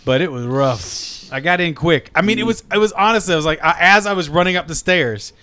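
A man's voice: a little high, brisk, no echo. A man co-hosting a casual podcast chat, telling stories with lots of laughing and swearing. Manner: animated, swearing, laughing storyteller. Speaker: podcast co-host.

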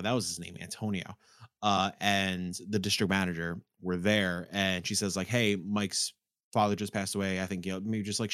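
Male, very low pitch, dry close sound, casual swearing storyteller. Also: fairly bright tone, dry recording. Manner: profane, rambling storyteller. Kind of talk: casual chat.

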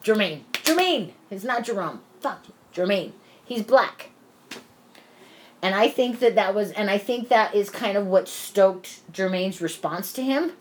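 A woman's voice: mid-range voice, measured pace. A woman telling a long work story in casual chat, rambling and peppered with "like" and swearing. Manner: rambling, profane storytelling full of "like".

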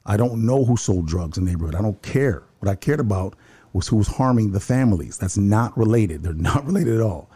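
A man's voice: lowish voice, expressive, dark tone, breathy edge. A man who works building security, earnestly telling a story in conversation, often repeating his first words. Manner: rapid, earnest, repeats words when starting sentences.

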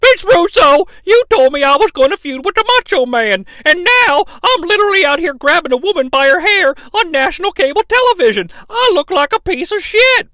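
A man's voice: big pitch swings, brisk, few pauses, no echo, exaggerated voice. A man doing a whiny, near-tearful angry wrestler. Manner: high strained yelling.

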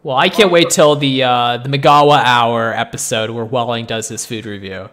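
A man's voice: mid-range voice, fairly even intonation, normal speed, a bit bright. A man co-hosting a podcast, rambling with lots of filler words and easy laughter. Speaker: podcast co-host. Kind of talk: casual podcast chat.

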